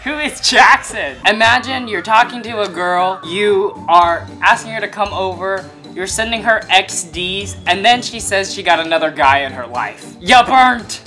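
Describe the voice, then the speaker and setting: A man hosting a reaction video, talking to viewers in an excitable, teasing way. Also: high voice, a little slow, few pauses, faint music behind. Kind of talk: reaction commentary.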